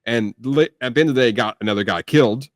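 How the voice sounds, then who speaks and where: A mid-range voice belongs to this young podcast co-host, who speaks quickly while reviewing films. His chat is casual and rambling, full of fillers, "like" and restarts. The audio is studio quality with no room sound.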